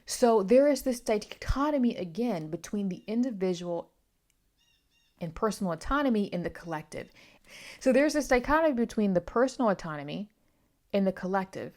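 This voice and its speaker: A woman's voice: mid-range voice, expressive, moderate pace, a little mellow. A young woman reviewing a novel in a casual, chatty vlog, with many asides and self-corrections. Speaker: book reviewer.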